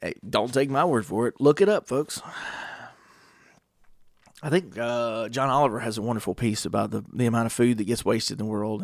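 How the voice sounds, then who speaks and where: A gravelly-voiced man holds forth in a loose, rambling monologue. He swears freely and keeps firing rhetorical questions at the listener. The sound is close and dry, with no room echo. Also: medium pitch. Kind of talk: casual monologue.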